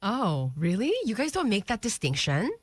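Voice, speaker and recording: A woman's voice: mid-range voice, very animated, moderate pace, breathy edge, no room sound. A woman co-hosting a radio show, chatty and easygoing, laughing often. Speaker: radio co-host. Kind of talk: casual radio banter. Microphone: studio microphone.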